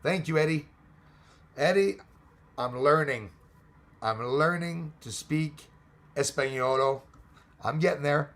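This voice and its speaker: A man's voice: on the high side, slow pace, long pauses, fairly bright tone. A Canadian man, hosting a casual livestream, greeting viewers by name and joking as he rambles. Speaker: livestream host reading chat. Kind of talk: casual live chat.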